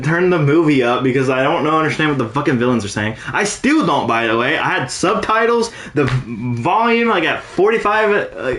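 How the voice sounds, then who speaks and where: A man's voice: on the high side, fairly bright tone, echoey room, a little hiss or hum. A young man co-hosting a casual podcast, ranting animatedly and swearing freely. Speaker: podcast co-host. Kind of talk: casual chat.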